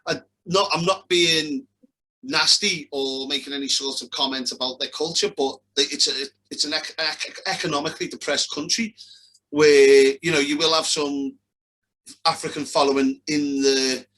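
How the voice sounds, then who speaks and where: A man's voice: a little high, fairly even intonation, normal speed, bright, forceful tone, low-quality recording. A young man co-hosting a podcast, talking casually in blunt, sweary rants. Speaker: podcast co-host. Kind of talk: casual chat.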